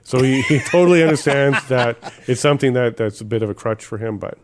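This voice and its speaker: A man's voice: mid-range voice, expressive, a little fast, background noise. A man hosting a political conversation, agreeable and conversational. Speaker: podcast host. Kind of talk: political talk.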